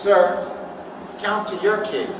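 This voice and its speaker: A man's voice: sits high, flat delivery, slow, noisy background. Insistent man in his fifties, echoey and distant. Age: 50s. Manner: insistent, repetitive, rising to shouting. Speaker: complaining building occupant. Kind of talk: heated argument with police. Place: indoor building office. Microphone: police body camera. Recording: echoey body camera audio from a distance.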